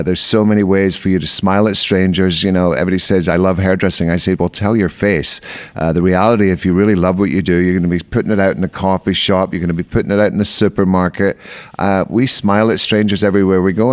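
A middle-aged man, a veteran hairdresser and stage artist, telling joking stories in a podcast interview. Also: low-pitched. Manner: joking storyteller.

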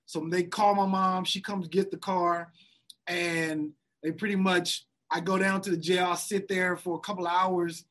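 A man's voice: high voice, normal speed. A man telling a wild story from his youth in a casual chat, laughing often and acting out what people said. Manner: animated storyteller, laughs often, acts out quotes.

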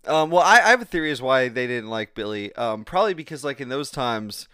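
A man's voice: mid-range voice, big pitch swings, a little fast, sharp tone, clean tone, dry recording, clean studio sound. A man co-hosting a podcast in casual chat, curious and reactive, swearing casually. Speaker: podcast co-host.

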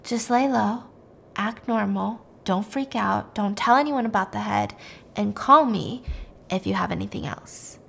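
A woman voicing a blunt, world-weary male detective, in a low, matter-of-fact way. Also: measured pace, creaky, breathy edge, heavily acted.

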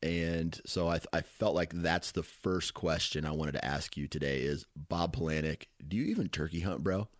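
Low-voiced man telling stories with laughs. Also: normal speed, hardly any pauses, dry recording, clean studio sound. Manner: laughs often, storytelling with restarts. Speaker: podcast host. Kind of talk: casual chat.

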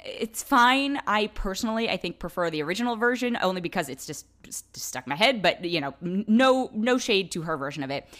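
A woman talks through a film review in a casual, candid way. Her pitch swings widely as she grows exasperated, with a mid-height voice. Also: expressive, brisk, hardly any pauses, fairly bright tone.

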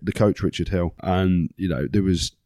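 A man's voice: sits low, moderate pace, dark tone, no echo, clean studio sound. A man hosting a podcast in casual, teasing chat about rugby. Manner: teasing, banter-heavy, laughs often. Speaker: podcast host, former rugby player.

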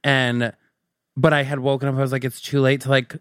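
A man co-hosting a casual podcast, rambling through his stories with plenty of fillers. His voice is smooth and clear, and it sits at a middle pitch. It is recorded dry and close. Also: flat delivery, fairly quick, a bit bright, dry recording. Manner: rambling, filler-heavy storytelling. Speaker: podcast co-host. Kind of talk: casual chat.

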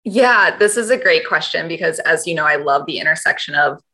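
Thoughtful woman reporter, lowish bright voice. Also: a little fast. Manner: thoughtful, filler-heavy, relaxed. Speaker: sports reporter, co-host. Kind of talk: casual sports chat.

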